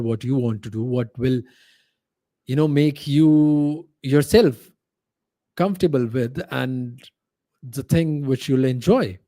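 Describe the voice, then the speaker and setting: Man, podcast guest, halting heartfelt storytelling, many fillers, mid pitch, dry close mic. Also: warm tone, no room sound. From India. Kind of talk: emotional personal storytelling.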